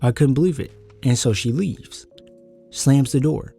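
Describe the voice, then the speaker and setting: A young man telling a personal story casually, his voice jumping high when he gets worked up. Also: measured pace, gravelly, husky, faint music behind. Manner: animated, voice jumps high when angry.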